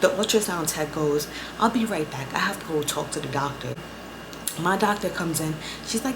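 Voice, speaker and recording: A young woman vlogger telling a story in a casual, profane, animated way, acting out both sides of the conversations. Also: lowish voice, normal speed, background noise. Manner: profane, animated storytelling with quoted back-and-forth.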